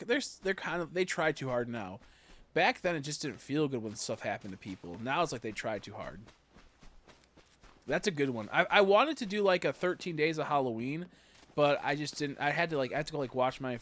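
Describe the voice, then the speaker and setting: A young man chatting idly on a game livestream. His voice sits at an ordinary middle pitch. He rambles and jokes, swinging from loud excited bursts to low mutters. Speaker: streamer. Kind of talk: casual livestream chat while gaming.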